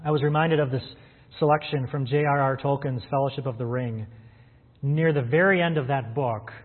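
A man's voice: mid-range voice, fairly even intonation, moderate pace. A man preaching a sermon as a pastor, earnest and calling his listeners friends. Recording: phone-like sound in a reverberant hall.

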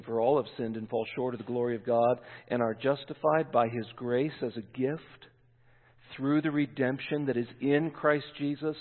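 Preaching man in an echoey hall. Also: mid-range voice. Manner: emphatic, slows and lingers on key words. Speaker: pastor. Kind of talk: sermon. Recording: phone-like sound with long hall reverb.

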